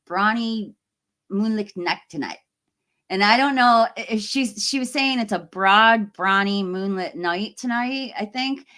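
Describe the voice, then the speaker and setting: A woman's voice: medium pitch, sharp tone. Chatty woman hosting a live stream. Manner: chatty, laughs often, trails off and restarts. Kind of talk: casual live-stream chat reading viewer comments.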